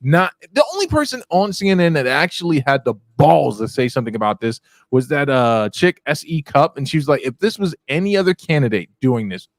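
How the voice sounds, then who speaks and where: A man's voice: a little high, big pitch swings, brisk, hardly any pauses, no echo, studio quality. Rambling conversational man host. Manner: conversational, rambling, laughs at own jokes. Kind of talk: casual political chat.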